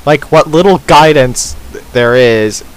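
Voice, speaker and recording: A man's voice: medium pitch, unhurried, clear, resonant tone, low-quality recording. A man hosting a let's play, giving casual gaming commentary in a sarcastic, self-deprecating mutter.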